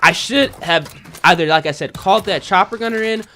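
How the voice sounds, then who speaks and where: A man's voice: high-pitched, fairly quick, sharp tone, a little hiss or hum. A man giving casual, self-critical commentary over his own gameplay, often saying "man" and "you know.". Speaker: gaming video creator.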